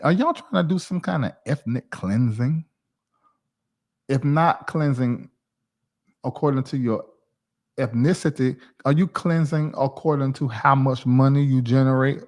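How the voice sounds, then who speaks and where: A man in his forties from the South, chatting casually on his livestream in a rambling, animated way. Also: mid-range voice, unhurried. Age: 40s. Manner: rambling, animated, talks to chat viewers by name. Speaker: livestream host.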